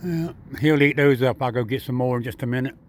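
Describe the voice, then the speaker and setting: A man chatting and coaxing a squirrel in his front yard, repeating himself in a relaxed, chuckling way. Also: mid-range voice, fairly quick, a little hiss or hum. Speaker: vlogger feeding a squirrel. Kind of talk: casual talk to an animal.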